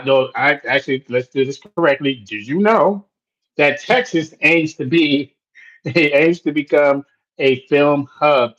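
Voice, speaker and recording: Animated man, lo-fi podcast audio. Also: mid-range voice. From Washington, D.C. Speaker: podcast co-host. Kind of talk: casual podcast chat. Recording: dull lo-fi audio.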